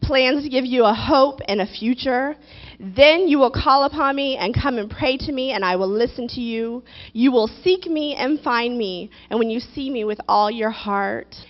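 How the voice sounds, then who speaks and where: A woman's voice: fairly high pitch, moderate pace. A woman minister preaching a sermon, dramatic and acting out people's prayers. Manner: dramatic, acts out prayers in a whiny childlike voice. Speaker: guest minister. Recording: dull lo-fi recording.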